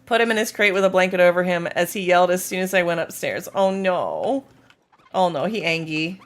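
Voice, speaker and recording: A woman's voice: lowish voice, expressive, fairly quick. A woman game streamer in casual live-stream chat, bubbly and playful as she talks to her viewers.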